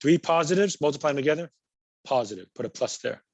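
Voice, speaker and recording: A man's voice: on the high side, expressive, fast talker, no echo. A man teaching a college math class, patiently working through examples and repeating key words. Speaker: math instructor. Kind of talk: recorded class lecture.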